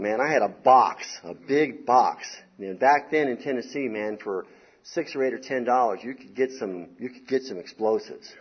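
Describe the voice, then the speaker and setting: A middle-aged man from the Southern US telling a wild story from his youth in a casual, rambling, animated way, dropping "man" and "you know" often. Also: mid-range voice, slightly rough. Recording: slightly dull recording.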